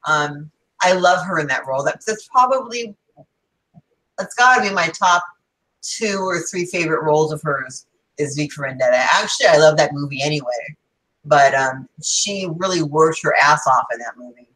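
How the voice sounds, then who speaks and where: A woman's voice: low-pitched, animated, moderate pace, a bit bright, low-quality recording. A woman co-hosting a casual podcast chat, talking in an enthusiastic, emphatic way. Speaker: podcast co-host.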